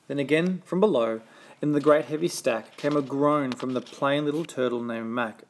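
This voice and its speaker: A man's voice: mid-range voice, normal speed. Man reading a rhyming storybook aloud. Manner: rhythmic, sing-song rhyming delivery.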